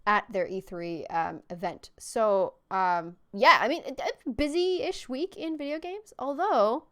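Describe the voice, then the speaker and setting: A woman's voice: fairly high pitch, unhurried. A young woman hosting a video game podcast, chatty and casual, laughing often and swearing freely. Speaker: podcast host.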